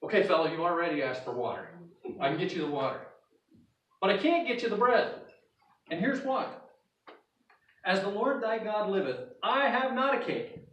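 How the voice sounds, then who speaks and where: A blunt, weary widow who has nothing left to eat, voiced by a man preaching. Her voice sits high and rings through a roomy hall. It is heard from some distance off the mic. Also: very animated, moderate pace, pauses often, a bit bright. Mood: blunt, resigned. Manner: archaic scripture phrasing mixed with plain talk.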